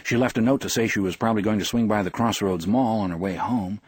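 A thoughtful, wary suburban man talks in a plain conversational way, read by a male narrator. The low, husky voice is recorded dry. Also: quick pace, no room sound.

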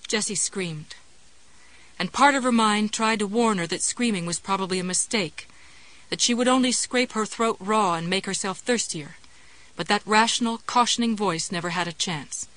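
A woman reading a suspense novel aloud as audiobook narration in a steady, measured way. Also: medium pitch, no echo, poor audio. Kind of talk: scripted narration.

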